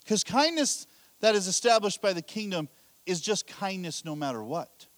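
A man's voice: sits high, lively intonation, moderate pace, a bit bright, no room sound. A middle-aged man preaching a sermon as pastor, telling candid, self-deprecating stories with a laugh.

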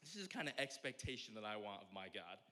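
A young man preaching a sermon as a pastor, telling stories in an animated way and acting out the voices. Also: lowish voice, quick pace. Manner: animated storytelling, acts out voices.

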